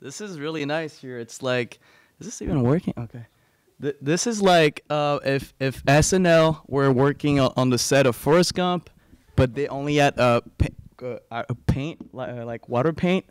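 A man's voice: mid-range voice, moderate pace, smooth, no echo, clean studio sound. A young man from France with a light French accent, doing a rambling, self-mocking stand-up set on a small club stage. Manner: rambling, self-mocking, many fillers and restarts. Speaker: stand-up comedian.

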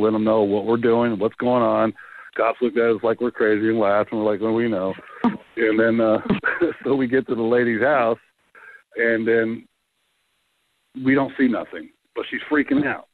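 A man calls in to tell his ghost investigation stories, animated and quick to act out everyone he quotes. His voice comes through a thin, tinny phone line with a dry, close sound. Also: medium pitch, no room sound. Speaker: paranormal investigator guest. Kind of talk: casual phone interview storytelling.

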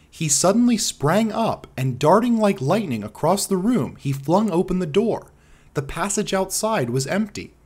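A male audiobook narrator reads a classic tale in a measured storytelling manner. His voice sits a little high, and his intonation moves expressively through each line. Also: big pitch swings, a little mellow, slightly rough.

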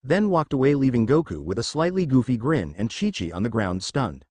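A man narrating a fan fiction story with a lively, varied pitch. The recording is dry and close, with no room sound. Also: fairly quick, no echo.

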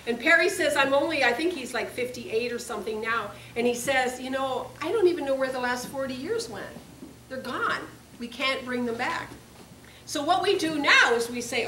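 Woman, high voice, earnest confessional testimony, distant mic, echoey hall. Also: moderate pace, pushed and bright. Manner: earnest and confessional, repeats phrases for emphasis. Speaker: speaker giving a testimony. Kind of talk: personal testimony sermon. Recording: echoey room, distant mic, faint hiss.

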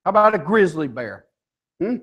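A man's voice: high-pitched, sing-song, normal speed, a bit bright, slightly rough. A male pastor preaching a sermon in a church, emphatic and firing rhetorical questions at his congregation.

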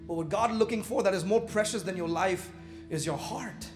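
High-voiced preaching man, shouting and joking. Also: normal speed, soft background music. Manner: animated preaching, shouting and dropping to asides; casual slang, laughs at own jokes. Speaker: pastor. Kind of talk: sermon. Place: church, live service.

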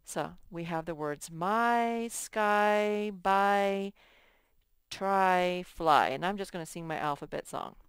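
A woman walks young children through a reading lesson at an unhurried pace. Her voice is smooth and crisp, with a patient, sing-song lilt. The sound is close and dry. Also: mid-range voice, no echo. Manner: slow, patient, sing-song teacher delivery. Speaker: first grade teacher. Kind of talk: recorded classroom lesson.

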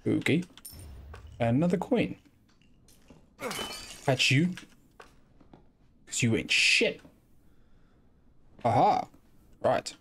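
A man's voice: mid-range voice, very animated, very slow, gravelly, pauses often, a bit bright, a little hiss or hum. A man giving let's play commentary, chatting and muttering to himself as he plays a video game. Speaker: gaming YouTuber.

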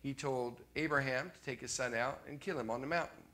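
A man's voice: medium pitch, a little fast, a bit bright. A Canadian man preaching a sermon in a conversational way, repeating his refrains and often checking in with the congregation.

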